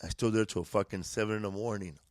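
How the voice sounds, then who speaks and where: A man's voice: on the low side, steady tone, fast, dry recording. A man from East Los Angeles, a comedian guest, telling stories in a loose, profane, laughing way in a casual chat. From East Los Angeles, USA. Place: indoors, podcast studio.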